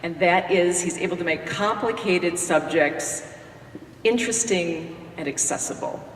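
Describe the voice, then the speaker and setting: A woman's voice: fairly low pitch, measured pace, slight background noise. A woman who hosts a radio morning show gives a folksy, joking tribute speech at a podium in a lecture hall. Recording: echoey hall from far off.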